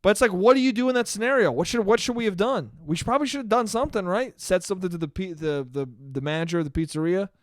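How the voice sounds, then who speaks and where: This solo podcast host talks rapid-fire with hardly any pauses, his high-sitting voice expressive as he tells a rambling, profanity-filled story with many restarts. The audio is clean studio sound with no room sound.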